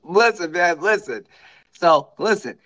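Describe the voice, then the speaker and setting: A man's voice: sits high, lively intonation, a little slow, sharp tone, dry recording, rough recording. A man from the US Northwest telling a long, profane story on a casual podcast, often asking "you feel me". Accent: US Pacific Northwest. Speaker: podcast co-host.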